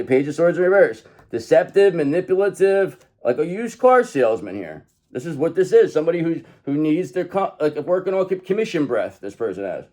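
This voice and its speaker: A man's voice: medium pitch, a little mellow. Man, mid-range voice, casual tarot reader; blunt, profane, emphatic, addresses viewer directly. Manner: emphatic, talks straight to the viewer. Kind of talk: casual tarot card reading.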